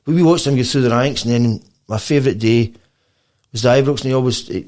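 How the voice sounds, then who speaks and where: A man's voice: mid-range voice, fast talker. A man with a Scottish accent chatting as a podcast guest, rambling with many restarts. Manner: animated storytelling. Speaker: guest musician. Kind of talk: casual podcast chat.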